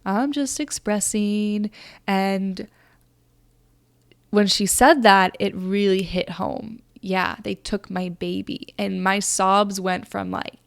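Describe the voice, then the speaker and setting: A woman's voice: medium pitch, level tone, slow pace, creaky, dry recording, clean studio sound. A young woman hosting a podcast, telling a personal story in a rambling, earnest way, full of fillers. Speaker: podcast host. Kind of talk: casual storytelling monologue.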